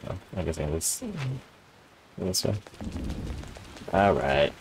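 A man quietly thinking aloud as he plays a game, in casual commentary. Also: takes it slowly, gravelly, a little hiss or hum. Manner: low-key muttering, thinking aloud. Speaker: gamer.

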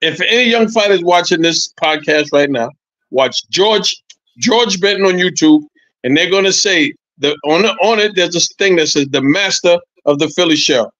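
A man's voice: high voice, normal speed, dry recording, muffled recording. Profane storytelling man in his sixties. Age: 60s. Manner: animated storytelling, profane, repeats phrases. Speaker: interview guest, former boxer. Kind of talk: casual podcast chat.

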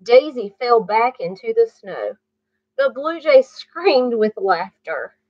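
A woman reading a bedtime story aloud to children, pausing to ask the listener questions. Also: fairly high pitch, lively intonation, no room sound. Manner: slow, asks the listener questions. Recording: muffled dry recording.

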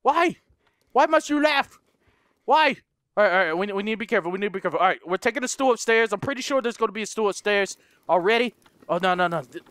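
A man doing let's play commentary, excitable, narrating his moves and shrieking and swearing at scares. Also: extremely high pitch, fast, clear, resonant tone, no room sound. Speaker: gaming YouTuber.

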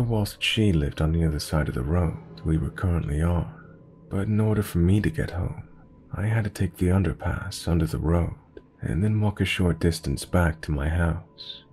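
A man narrating a scary story in a steady, measured reading voice. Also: low voice, a little hiss or hum. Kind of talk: scripted narration.

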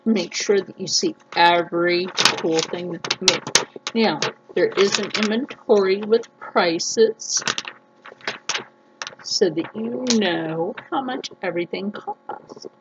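A woman vlogging a casual unboxing, gushing and excitable, jumping into high squeals of delight. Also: slow pace. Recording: dull lo-fi sound with clear background noise.

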